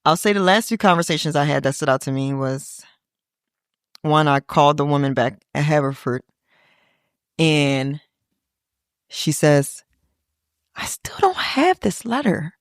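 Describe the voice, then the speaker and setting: A woman's voice: low-pitched, fairly even intonation, unhurried, long pauses, smooth, dry recording, studio quality. A middle-aged woman hosting a podcast, reflectively telling a personal story and quoting her family in little voices. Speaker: podcast host.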